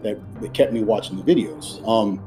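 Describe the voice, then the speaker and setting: A man's voice: fairly low pitch, moderate pace, a little mellow, faint music behind. A man hosting a podcast in casual, chatty talk, effusive and full of loose restarts. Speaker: podcast host.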